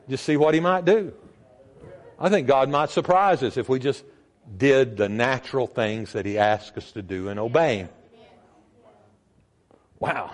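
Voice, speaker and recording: An older man preaching a sermon as pastor, emphatic, with sudden jumps in pitch and volume. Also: moderate pace, long pauses.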